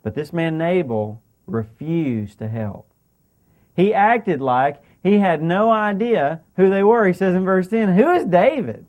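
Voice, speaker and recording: A high-voiced man delivering a sermon. He retells the story lively, slipping into the characters' lines and tossing questions to the congregation. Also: takes it slowly, phone-quality sound. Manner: animated, acts out the characters' lines in paraphrase. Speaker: pastor.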